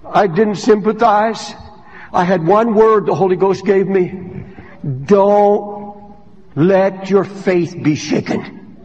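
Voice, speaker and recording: An older man preaching a sermon as pastor, with impassioned delivery that swings from hushed to shouted. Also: sits high, slow pace, pauses often, muffled recording. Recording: long hall reverb.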